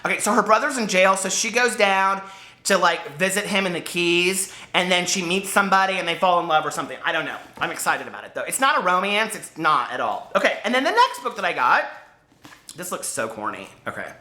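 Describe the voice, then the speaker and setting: An American book vlogger chats casually to camera while unboxing, rambling with lots of asides. His high-pitched voice is expressive, pushed, and bright, a little fast, and the room sounds echoey.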